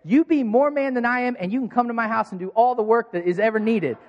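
A man preaching a sermon as a pastor, telling a self-mocking story in a lively way. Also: very high voice, fast, highs cut off. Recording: long hall reverb.

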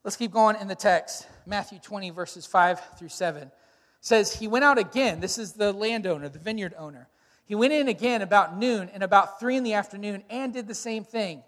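A man in his thirties preaching a sermon, telling stories and acting out quotes with sudden shouts. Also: sits high, normal speed. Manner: storytelling, animated retellings with shouted quotes. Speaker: pastor. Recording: long hall reverb.

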